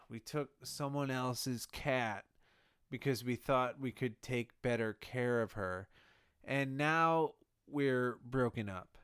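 A man delivering a rambling comic monologue, halting and sheepish, often correcting himself mid-sentence. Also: mid-range voice, fairly bright tone, dry recording, clean studio sound. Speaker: comedic monologue host.

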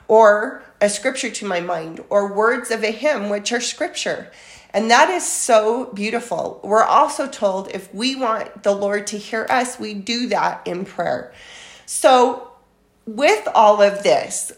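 A woman speaks slowly and reverently, lingering over each verse she reads. Her voice is mid-pitched and tender, and it rings in a roomy, echoing space. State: moved to tears at times. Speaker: church speaker. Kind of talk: devotional scripture talk.

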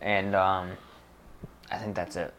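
A man's voice: low-pitched, level tone, takes it slowly, crowd noise. A man co-hosting a podcast while drunk, laid-back and swearing casually. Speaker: podcast co-host. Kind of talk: casual chat.

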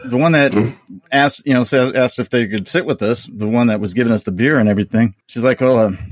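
A man's voice: mid-range voice, quick pace, no echo. A man co-hosting a podcast, telling a funny story with frequent laughter. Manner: laughing often, animated. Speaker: podcast co-host. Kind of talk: casual storytelling.

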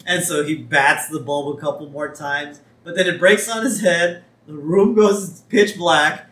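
A man's voice: fairly high pitch, roomy sound. A man co-hosting a podcast, chatting casually and laughing as he recaps a cartoon episode. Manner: relaxed, laughs often, acts out lines in quick voices. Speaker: podcast co-host.

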